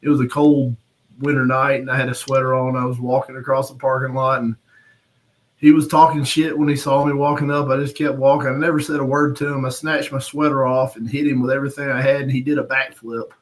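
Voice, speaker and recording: A man with a drawl, recounting an old bar fight on a live stream. He talks bluntly and swears freely, breaking into laughs at his own story. His voice sits at a middle pitch. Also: flat delivery, a little fast, poor audio. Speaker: podcast host.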